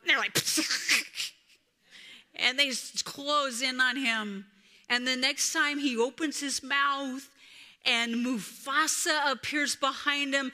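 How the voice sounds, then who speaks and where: A woman preaching a sermon as a story, swinging from hushed whispers to loud, emphatic peaks. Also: sits high, steady tone, slow. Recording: reverberant hall.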